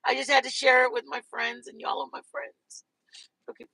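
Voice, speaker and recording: A woman's voice: sits high, sing-song, a little fast, creaky, pushed and bright, breathy edge, no room sound, poor audio. A woman hosting a casual livestream chat, gushing and rambling between bursts of laughter, speaking into wireless earbuds. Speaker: channel host.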